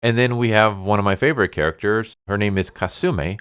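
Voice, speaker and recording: A man's voice: fairly low pitch, fairly quick, fairly bright tone, clear, resonant tone, no room sound, studio quality. A man casually recapping a manga story, chatty and amused, with many fillers. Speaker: manga reviewer.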